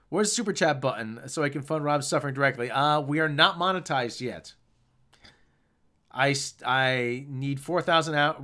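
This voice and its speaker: A man chatting casually on his own live stream while he reads out viewer comments. His delivery is loose and rambling, and his pitch swings widely, with a mid-range voice. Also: sharp tone. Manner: rambling, reads and answers chat.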